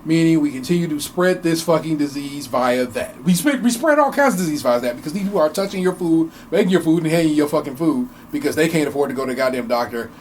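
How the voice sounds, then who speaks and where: Fairly high-pitched and animated, this podcast co-host talks fast with hardly any pauses, his tone darkish and slight background noise audible. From a home basement studio, he goes on a casual, swear-heavy rant, frequently restarting himself.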